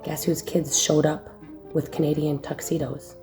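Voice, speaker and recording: A man's voice: a little high, level tone, moderate pace, music in the background. A man telling a teasing, sarcastic story about a friend, joking and swearing as he goes. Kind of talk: joking anecdote.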